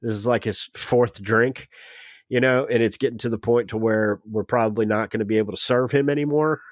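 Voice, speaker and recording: A man telling a story on a podcast, animated and acting out the dialogue of the people in it. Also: mid-range voice, brisk, no echo, clean studio sound. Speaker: podcast guest. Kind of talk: casual storytelling.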